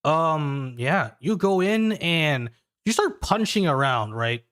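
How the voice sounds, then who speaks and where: A man narrating as a game master in a descriptive, halting way, full of fillers. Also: a little high, very animated, a bit bright, clean tone, no echo, clean studio sound.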